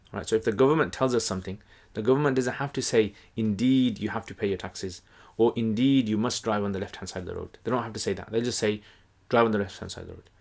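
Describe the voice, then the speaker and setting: In a laid-back lesson, a male Quran teacher talks through a text the way you'd explain it in conversation. He speaks in a slightly low voice, frequently stopping for fillers and breaking off to restart his sentences.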